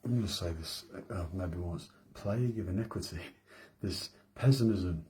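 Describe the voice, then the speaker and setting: Speaking a little slowly in a deep, warm voice, a Midlands-accented man in his thirties wanders through a late-night vlog monologue at home. He adds self-mocking asides, and there's slight background noise.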